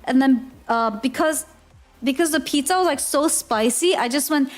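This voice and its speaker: A woman's voice: high-pitched, animated, measured pace. A young woman from Korea, telling a story in a chatty, giggly way with lots of fillers. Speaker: streamer. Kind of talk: casual storytelling.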